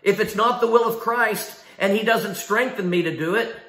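A man's voice: high voice, moderate pace, fairly bright tone, roomy sound. A man preaching a sermon in an emphatic style, asking rhetorical questions and repeating key phrases. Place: church sanctuary.

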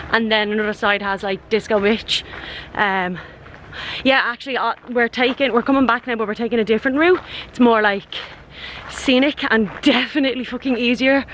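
A woman's voice: fairly high pitch, fairly bright tone, a little hiss or hum, rough recording. A young woman with an Irish accent chatting casually as a travel vlogger, rambling with lots of fillers. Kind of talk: casual vlog chat. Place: outdoors on walks and indoors in a hotel.

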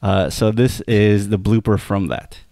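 A man co-hosting a podcast, setting up a clip in relaxed casual chat. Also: on the low side, measured pace, gravelly, dry recording, clean studio sound. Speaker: podcast co-host.

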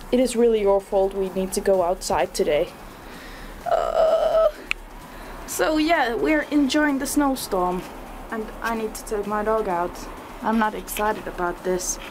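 A woman's voice: a little high, slight background noise. A young woman chatting casually to her camera at home, giggly and casually swearing. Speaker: vlogger. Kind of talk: casual chat. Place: home, indoors by a balcony door. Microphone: camera mic.

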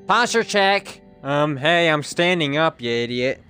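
A young man chatting excitedly to his viewers while streaming a game, swearing freely. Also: mid-range voice, normal speed, music in the background. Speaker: livestreamer. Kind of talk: casual live gameplay chatter.

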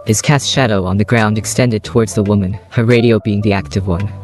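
A man narrating a fan fiction story in a steady, even read-aloud manner. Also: lowish voice.

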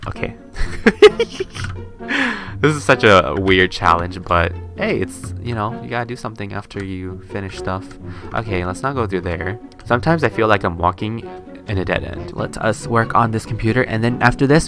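A young man giving casual, excitable commentary while playing a game, often gasping and squealing when startled. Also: fairly low pitch. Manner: chatty, excitable, gasps and squeals when scared. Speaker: gaming YouTuber. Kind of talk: casual let's-play commentary. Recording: faint game music behind.

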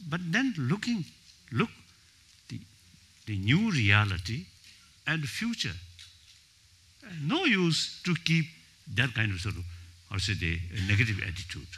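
Older man, halting panel speaker. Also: mid-range voice, wildly swooping pitch, a bit bright, a little hiss or hum. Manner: halting, searching for words, frequent "you see". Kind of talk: panel talk. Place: conference hall.

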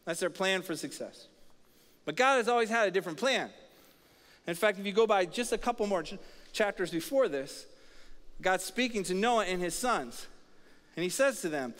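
A little fast and full of energy, a high-pitched male pastor preaches a sermon and draws the congregation into call-and-response. His voice rings through a large church auditorium with a long reverb tail.

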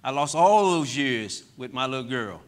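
A middle-aged man giving an impassioned testimony talk to a church audience, moving between loud outbursts and quiet, heavy moments. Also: mid-range voice, expressive, normal speed. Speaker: guest speaker. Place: church hall.

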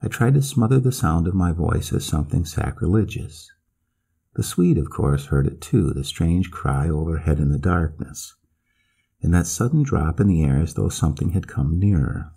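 Male storyteller with a very deep, gravelly, husky voice who reads a spooky tale in a measured, expressive way. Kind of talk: scripted narration of a classic ghost story.

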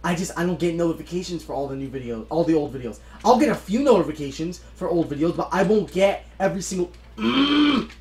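Young male gaming YouTuber, excitable, lively pitch, roomy recording. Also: fast talker, hardly any pauses. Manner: excitable, bursts into shouts at the game. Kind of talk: live gameplay commentary. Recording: roomy echoey room sound.

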